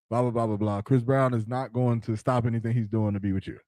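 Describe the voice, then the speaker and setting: A man's voice: mid-range voice, steady tone, fast, mellow, dry recording. A man hosting a podcast, talking loosely in slang and joking around with his co-hosts. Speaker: podcast host. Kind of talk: casual podcast chat.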